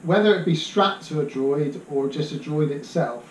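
Soft-spoken man, a bit distant in an echoey room. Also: a little high, normal speed. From Bristol, England. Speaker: guest droid builder. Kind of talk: casual conversation. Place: room in a home. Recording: echoey room, mic at a distance, faint hiss.

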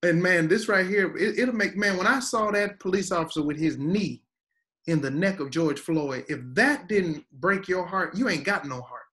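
Guest pastor, man, fairly high voice, preacher's emphatic cadence. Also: moderate pace, pushed and bright. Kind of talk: preaching-style teaching conversation.

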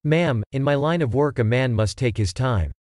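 A man's voice: mid-range voice, normal speed, a little mellow, no echo, clean studio sound, close to an everyday voice. A man voicing an earnest, long-winded male baby photographer in a read-aloud joke, talking matter-of-factly like a salesman.

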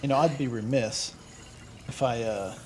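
A man talking over his gameplay in an easygoing, meandering way, with a voice of ordinary middle pitch for a man. He drifts from the game into stories and opinions, earnest and loose with the odd swear word. A faint hiss of noise sits under his voice. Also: normal speed, a little mellow. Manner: rambling, chatty, wanders off on tangents. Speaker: let's play gamer. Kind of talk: casual gameplay commentary.

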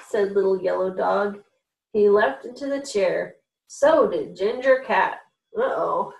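A woman hosting a children's reading program, reading picture books aloud in a gentle, animated way and giving the characters voices. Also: mid-range voice, slow pace, creaky, highs cut off. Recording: echoey room, a little far from mic.

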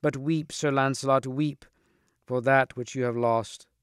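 A man's voice: mid-range voice, fairly even intonation, unhurried, smooth, dry recording, clean studio sound, lightly acted. A man voicing a weeping young damsel who speaks in a pleading, sorrowful way for a storybook reading. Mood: grieving. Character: tearful young damsel on horseback.

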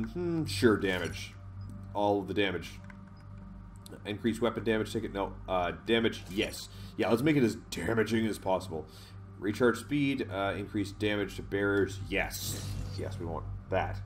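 A man's voice: lowish voice, moderate pace, faint music behind. A man giving casual gameplay commentary, rambling, swearing and laughing often, reading menu options aloud. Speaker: let's play host.

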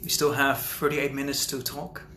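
Bright-voiced man chatting on a livestream. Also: mid-range voice, little pitch movement, normal speed, a little hiss or hum. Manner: rambling, talkative, thinks out loud. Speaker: author hosting a live Q&A. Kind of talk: casual livestream chat. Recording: roomy echo with faint ambience.

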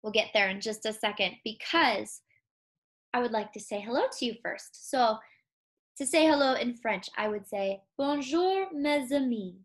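A young woman teaching a recorded music lesson to kindergarteners, speaking slowly and clearly, coaching them and singing simple songs. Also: on the high side, fairly bright tone. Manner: slow, clear and encouraging, speaking to young children; sings simple songs and gives call-and-response prompts.

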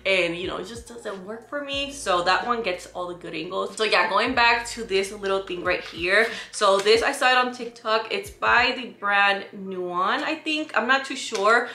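A bright, clear-voiced young woman from Puerto Rico chats her way through a haul, keeping her viewers in the conversation. Her talk is easy and casual. The room around her rings with a noticeable echo. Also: medium pitch, moderate pace, hardly any pauses, slight background noise. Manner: chatty, keeps addressing viewers as "you guys". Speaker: vlogger. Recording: echoey room.

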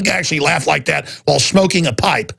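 A man's voice: a little high, gravelly, sharp tone, breathy edge. A man hosting a talk radio show, delivering a heated, impassioned monologue and mocking his opponents' voices.

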